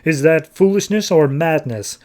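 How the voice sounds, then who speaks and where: A man's voice: on the high side, animated, measured pace, a little mellow. A man voicing a smug masked male vigilante who taunts with mocking questions. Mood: taunting.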